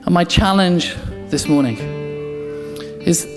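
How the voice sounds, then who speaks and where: A man preaching a passionate sermon in church, repeating key phrases and dropping to quiet intensity. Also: high voice, slow. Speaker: pastor. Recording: echoey church hall, soft guitar behind.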